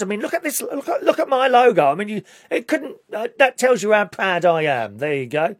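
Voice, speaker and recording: A British man chats away to his camera in a loose, rambling monologue, full of opinions and quick to get worked up. His voice sits a little high for a man, and it is recorded dry, with no room sound around it. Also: sing-song, dry recording. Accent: British English. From Britain. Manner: chatty, rambling, opinionated, rising to indignant outbursts. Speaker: vlogger. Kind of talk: casual talk to camera.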